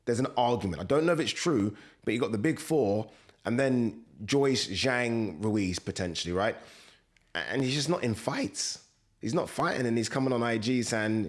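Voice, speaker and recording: A man's voice: medium pitch, lively intonation, moderate pace. A man giving blunt, exasperated boxing opinions in a casual vlog, swearing and asking rhetorical questions. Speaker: boxing commentator.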